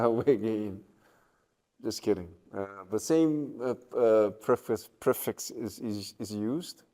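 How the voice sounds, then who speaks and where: A man giving a university lecture, checking in with the class and pausing on fillers. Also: fairly high pitch, dark tone, clear, resonant tone. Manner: slow, with many fillers and checking questions. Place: lecture room.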